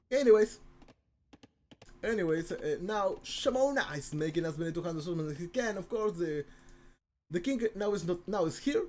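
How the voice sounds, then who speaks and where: A man commentating a live strategy game with a high, lively voice that leaps up and down. He is excitable and rambling, restarting phrases and repeating himself as the action unfolds. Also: a little hiss or hum. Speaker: game caster.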